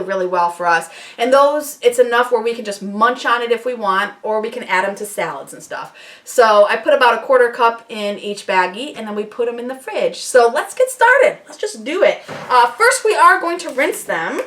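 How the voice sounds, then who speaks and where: Upbeat, chatty woman with a higher voice doing a kitchen how-to, a little off-mic. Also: fairly bright tone, far from the mic. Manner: chatty, upbeat, self-deprecating asides. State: slightly out of breath at times. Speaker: homesteading channel host. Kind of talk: casual how-to demonstration. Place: home kitchen.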